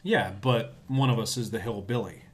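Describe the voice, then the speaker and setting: A man's voice: fairly low pitch, moderate pace. A man hosting a casual podcast, joking and giving mock-formal introductions. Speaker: podcast host.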